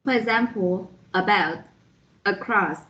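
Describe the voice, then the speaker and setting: A woman presenting a lesson on pronunciation, reading out spellings and examples slowly and carefully, one letter at a time. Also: medium pitch, sharp tone, lo-fi sound. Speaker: student presenter reviewing a phonetics lesson. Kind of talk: slide-by-slide explanatory lesson.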